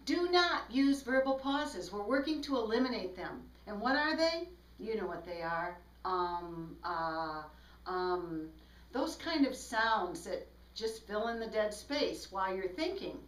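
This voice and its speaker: A woman's voice: a little high, far from the mic. A woman speech instructor giving a recorded lecture, explaining tips and demonstrating examples aloud. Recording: echoey room, voice from off-mic.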